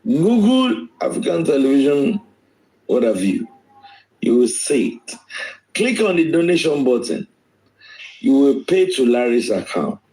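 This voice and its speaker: On a live stream, a Nigerian man speaks with impassioned emphasis, repeating phrases as his medium-pitched, mellow voice swings sharply up and down. The recording quality is rough.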